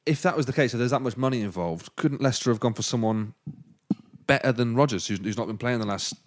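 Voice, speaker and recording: A man co-hosting a football conversation at a middle pitch. He keeps firing questions and presses his argument with an energetic, chatty push. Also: quick pace. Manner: questioning, lively, pushes his points. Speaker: podcast co-host. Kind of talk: casual football chat.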